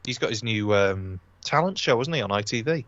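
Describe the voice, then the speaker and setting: A man's voice: on the low side, brisk, no room sound, lo-fi sound. A man chatting casually on a podcast livestream, telling anecdotes with animation. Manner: storytelling, animated. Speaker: podcast co-host. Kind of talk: casual chat.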